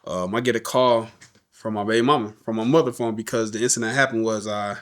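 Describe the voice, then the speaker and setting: A man's voice: fairly low pitch, fairly even intonation, fast. An adult man, a podcast guest, candidly telling his life story in a loose, casual way, often repeating words and asking "you know what I'm saying.".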